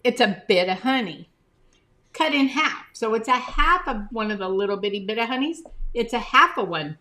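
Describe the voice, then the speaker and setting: A woman's voice: fairly high pitch, animated, normal speed, sharp tone. A woman hosting a casual live stream, chatting to viewers by name as she holds items up to the camera, sometimes talking with her mouth full.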